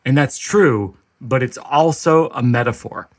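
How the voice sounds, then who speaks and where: A male podcast host in casual chat, spinning deadpan absurd bits. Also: medium pitch, measured pace.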